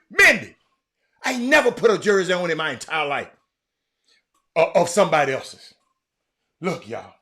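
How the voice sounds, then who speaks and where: A middle-aged man, hosting a casual live show and talking to his viewers. He is animated and teasing, repeats words, and breaks into shouts in bursts. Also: mid-range voice. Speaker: show host.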